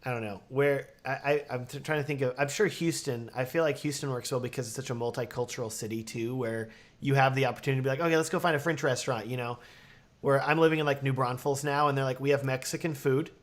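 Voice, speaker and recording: A man's voice: medium pitch, fairly even intonation, quick pace. Man, live-stream host, casual chat, enthusiastic, lots of fillers. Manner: enthusiastic, rambling with many fillers.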